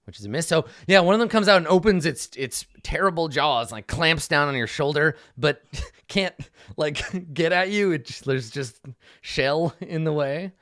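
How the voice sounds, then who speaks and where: A man narrating as game master in a tabletop game, animated and laughing, with frequent fillers. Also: on the high side, normal speed, dry recording, studio quality.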